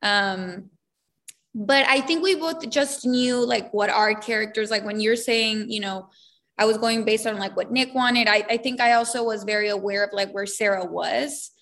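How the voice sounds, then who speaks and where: A woman's voice: mid-range voice, moderate pace, fairly bright tone. A woman, an actress, chatting in an interview, giggly and loose, with lots of "like". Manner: giggly, chatty, many "like" fillers. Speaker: actor. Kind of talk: casual interview talk.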